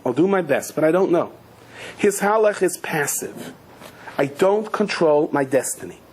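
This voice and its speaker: A husky-voiced middle-aged man teaches a Torah class as a rabbi, in his speech and fond of stories. He leaps up into high, animated voices when he quotes people and drops in Yiddish and Hebrew words. His voice sits somewhat high for a man. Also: normal speed. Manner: animated storyteller, acts out quoted voices with sudden high pitch; mixes Yiddish and Hebrew terms, light humor.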